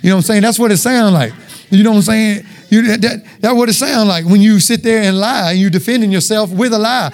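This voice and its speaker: A man preaching a folksy, animated sermon in church, talking straight to the congregation and acting out voices and sounds. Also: very high-pitched.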